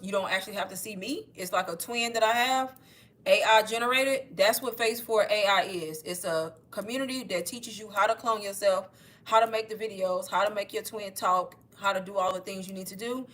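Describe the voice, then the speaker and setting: A woman talking casually on a livestream, pitching online courses, slightly out of breath and calling her viewers "y'all". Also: fairly bright tone. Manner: chatty, addresses viewers as y'all. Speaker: online marketing creator. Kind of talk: casual livestream sales talk.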